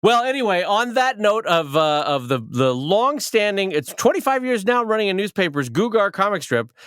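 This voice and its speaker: Lively, self-mocking podcast host, a man. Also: sits high, moderate pace, smooth. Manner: self-deprecating, joking. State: short on sleep. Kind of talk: casual chat.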